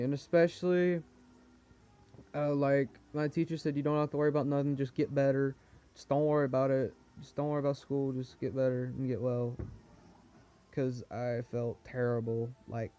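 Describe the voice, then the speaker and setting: Sick teenage boy vlogging, mellow voice. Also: medium pitch, slight background noise. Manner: rambling, complaining, with laughs. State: sick with a cold and cough. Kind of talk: casual vlog chat. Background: pet cockatiel.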